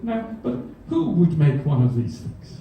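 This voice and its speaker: A man's voice: fairly high pitch, huge pitch swings, measured pace, creaky, dull audio, a crowd in the background. A man giving a comedy science talk on stage, with dry, self-deprecating humor and chuckles at his own jokes. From Australia. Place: comedy venue stage before a live audience. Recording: echoey hall, mic from a distance.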